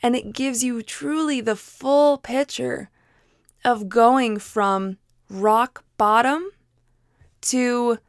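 A woman's voice: on the high side, very slow, smooth, no echo, clean studio sound. A woman hosting a motivational solo podcast, talking in an earnest, encouraging way and repeating phrases for emphasis. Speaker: podcast host.

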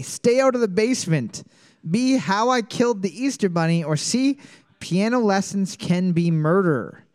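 A man hosting a live trivia night in a bar, reading out questions and scores with jokes in between. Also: sits high. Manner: jokey, announcing questions and scores. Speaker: trivia host.

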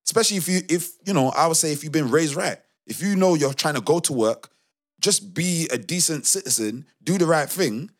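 A man's voice: on the high side, lively intonation, a little fast. A man co-hosting a casual podcast, telling a story emphatically with lots of restarts. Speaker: podcast co-host.

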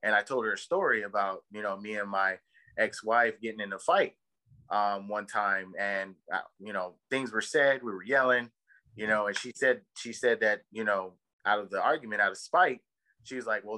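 Rambling, profane man with a bright voice. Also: lowish voice, normal speed, low-quality recording. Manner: rambling, profane storytelling with many fillers; heated and emphatic. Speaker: podcast co-host. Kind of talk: casual podcast chat.

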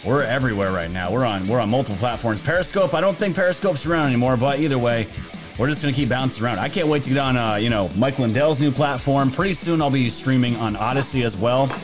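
A man's voice: mid-range voice, fast. A man hosting a casual political livestream, rambling and jokey, with plenty of filler words. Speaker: livestream host. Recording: music playing underneath.

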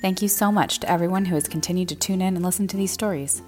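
A woman narrating a children's story podcast gently, speaking to young listeners. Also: fairly low pitch, fast talker, faint music behind.

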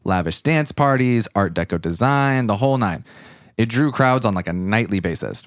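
A man's voice: on the low side, expressive, normal speed, dry recording. A man co-hosting a casual podcast, telling local history with dry, teasing humor. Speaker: co-host.

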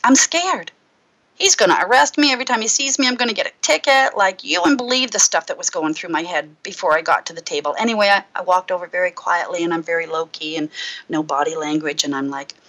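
A middle-aged woman minister, a guest on a talk show, sharing a personal testimony in a casual, lively storytelling way. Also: on the low side, fast, low-quality recording. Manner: lively storyteller who acts out her own past thoughts.

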